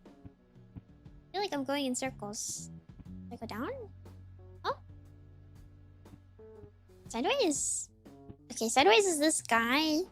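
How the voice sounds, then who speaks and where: High-voiced woman streaming a game. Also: very animated, fairly bright tone, soft background music. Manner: reads game characters' lines in quick playful voices. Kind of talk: game stream, reading dialogue aloud.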